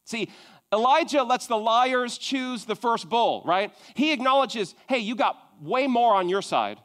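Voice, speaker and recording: A man preaching a sermon, retelling a scripture story with conversational asides, dropping to hushed intimate moments and rising to emphatic calls. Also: very high-pitched, lively intonation, unhurried.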